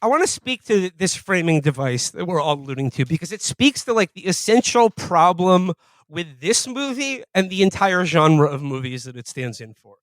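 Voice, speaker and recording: A man with a notably high voice holds forth on a comedy podcast, rambling and mocking as he builds his point. The sound is close and dry, with no room in it. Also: expressive, normal speed, no room sound. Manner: rambling, laughing, mocking mock-Russian impressions. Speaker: podcast co-host. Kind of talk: casual comedic chat.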